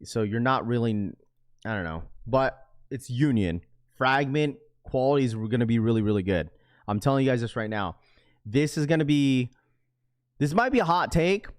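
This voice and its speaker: A man's voice: mid-range voice, lively intonation, normal speed. A young man hosting a livestream, chatting casually and rambling as he reads and answers viewers' comments. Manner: rambling, talks to chat, reads comments aloud. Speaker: livestream host.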